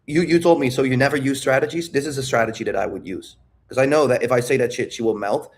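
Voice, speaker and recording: Guy talking dating stuff, candid and rambly, keeps saying dude and bro, mid-pitch voice. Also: fast talker, slight background noise. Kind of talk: casual talk.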